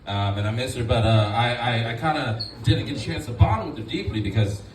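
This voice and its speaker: A man doing a stand-up comedy set, talking in a laid-back, halting way with many fillers and a smooth, announcer-like voice. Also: mid-range voice, animated, distant mic. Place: comedy club. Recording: roomy club sound from off mic with loud crowd laughter. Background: audience laughing.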